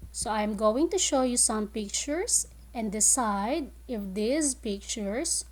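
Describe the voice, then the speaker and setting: A woman teaching a phonics lesson to young children, modeling words clearly and slowly and giving praise. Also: fairly high pitch, darkish tone. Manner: slow, clear, drawn-out word modeling with praise. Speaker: kindergarten teacher.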